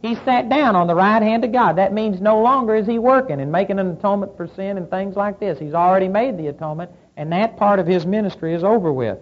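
A woman's voice: medium pitch, quick pace, few pauses. A woman preaching a sermon, emphatic, asking rhetorical questions and reading scripture aloud. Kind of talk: sermon teaching. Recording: slightly dull lo-fi recording.

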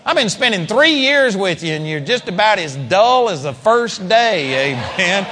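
A man voicing an exasperated male teacher who loudly scolds his slow followers. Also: high-pitched, very animated, background noise.

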